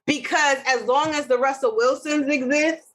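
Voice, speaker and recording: High-voiced opinionated woman podcaster. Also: fairly even intonation, a bit bright, poor audio. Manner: opinionated, ranting, quick asides. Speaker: podcast co-host. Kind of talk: casual chat.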